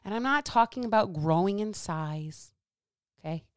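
Woman, podcast host, blunt, swears a lot, repeats herself for emphasis, smooth voice, dry close sound. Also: medium pitch, expressive, normal speed, no room sound. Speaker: podcast host and nutrition coach. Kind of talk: casual monologue.

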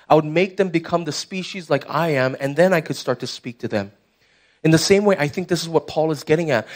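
Man, young adult, pastor, sermon, conversational, emphatic, slightly high voice. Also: darkish tone. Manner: conversational, emphatic, asks the church direct questions.

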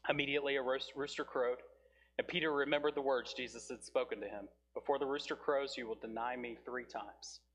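A man's voice: medium pitch, steady tone, slight background noise. Male pastor, earnest sermon delivery, mid-range voice, long hall reverb. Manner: earnest, builds volume on scripture then drops soft and slow. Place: church sanctuary.

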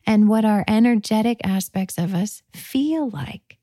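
Soft-spoken woman with a mellow voice. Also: medium pitch, lively intonation, measured pace, hardly any pauses, no room sound, studio quality. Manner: soft, playful, often drops to a whisper and laughs. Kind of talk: guided reflective talk.

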